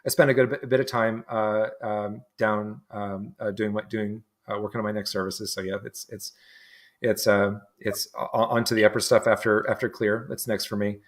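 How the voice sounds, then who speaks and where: A man from New England speaks with a fairly low voice in relaxed conversation. He circles his thoughts with frequent fillers and false starts, stacking repeated words before he lands a point. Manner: halting, many restarts and fillers. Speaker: interview guest. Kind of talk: casual conversation.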